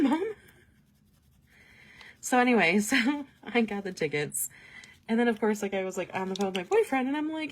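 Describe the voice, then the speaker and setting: A young woman hosting a livestream, chatting casually and telling an animated story, laughing often along the way. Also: mid-range voice, a little fast, pauses often, slight background noise. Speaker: host.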